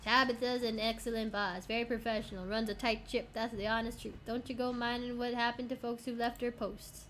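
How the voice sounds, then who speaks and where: A woman's voice: on the high side, level tone, a little fast, few pauses, fairly bright tone, slight background noise, natural voice. A woman voicing a guarded small-town coal miner in a folksy, defensive way, reading game dialogue aloud.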